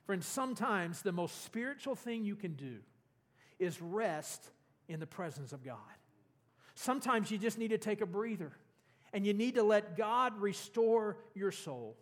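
High-voiced preacher in a reverberant hall. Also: male voice, expressive, unhurried. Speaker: pastor. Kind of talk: sermon.

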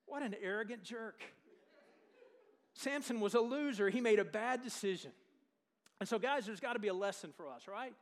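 A male preacher with a notably high voice delivers a sermon. He retells the scripture story in a lively way, asking the congregation questions and dropping in jokes as he goes. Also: moderate pace, pauses often.

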